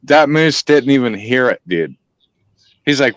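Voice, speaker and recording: A man's voice: medium pitch, measured pace, dry recording, dull audio. A man telling a hunting story in casual chat, swearing a lot and acting out the voices. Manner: profane, animated, acts out voices.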